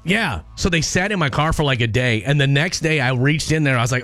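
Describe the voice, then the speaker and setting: A young man co-hosting a morning radio show, chatting casually, playful and quick to laugh. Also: medium pitch, no echo. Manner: playful, laughs often, animated.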